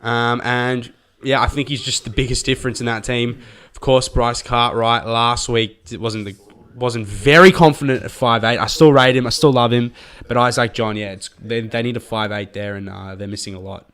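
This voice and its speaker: A man's voice: medium pitch, steady tone, normal speed, fairly bright tone, smooth. An Australian man co-hosting a casual sports podcast, hesitant and full of restarts but keen. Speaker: podcast co-host.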